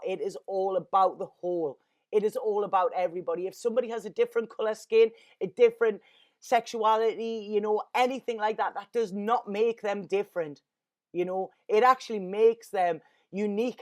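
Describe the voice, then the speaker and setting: A woman's voice: mid-range voice, darkish tone. A woman, a tarot reader talking in an earnest, rambling, emotional way and often repeating her words. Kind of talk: casual spiritual monologue.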